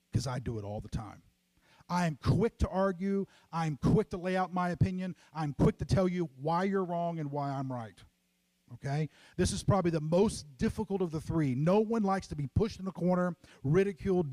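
A man's voice: fairly high pitch, a little mellow, dry recording. A middle-aged man preaching a sermon as pastor, emphatic and repetitive, often addressing the congregation as folks.

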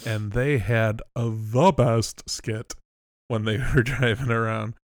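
A man co-hosts a podcast in loose, joking chat, animated and quick to break into laughter. His voice sits in a middle range. The recording is dry and close. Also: medium pitch, no echo. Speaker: podcast co-host. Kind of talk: casual chat.

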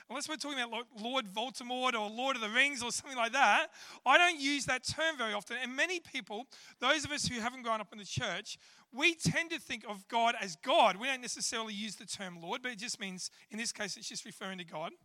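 A man's voice: very high voice, pushed and bright. An Australian man giving a chatty, self-deprecating sermon in a church service, with plenty of fillers. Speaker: church speaker. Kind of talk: sermon with humorous storytelling. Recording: long reverb of a church hall.

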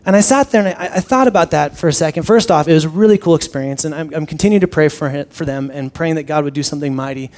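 A pastor telling a story in a slightly high voice. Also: male voice, fast, hardly any pauses. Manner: animated storyteller with frequent restarts. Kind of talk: conversational sermon storytelling.

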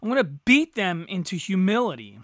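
A man's voice: sits high, big pitch swings, normal speed, a bit bright, no room sound, clean studio sound. A middle-aged man hosting a solo podcast, ranting crudely and sarcastically with heavy swearing. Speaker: podcast host. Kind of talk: profane solo rant.

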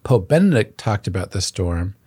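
Deep, husky man narrating a reflection. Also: sing-song, normal speed, warm tone, no room sound. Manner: earnest, reads long quotations aloud. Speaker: host of a Catholic podcast.

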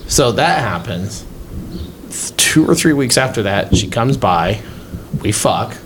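Speaking slowly in a mid-range voice, a man co-hosting a podcast shares animated anecdotes during a casual talk and voices the quotes himself. There's a light hiss or hum on the recording.

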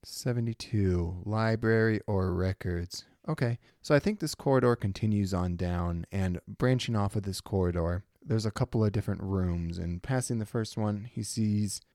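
A man narrates his solo tabletop game as a podcast host, relaxed and thinking aloud. His voice is low and mellow. The recording is close and dry. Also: normal speed, few pauses, no room sound.

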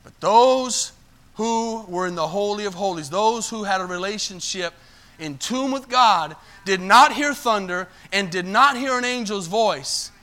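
High bright-voiced preaching pastor. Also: male voice, animated, a little slow. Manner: preaching with call-and-response asides to the congregation; swings between loud emphatic bursts and low quiet lines. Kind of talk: sermon.

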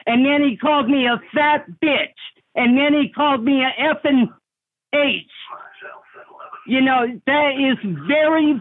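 A woman caught in a prank phone call, indignant and argumentative, insisting she was wronged. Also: high voice. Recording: tinny phone line.

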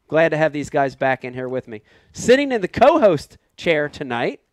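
A male host with a high, springy voice that swoops up and down as he greets the audience and banters with friends. He laughs often and talks in a dry, close sound with no room ring. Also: very animated, normal speed, no room sound. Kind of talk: live show banter.

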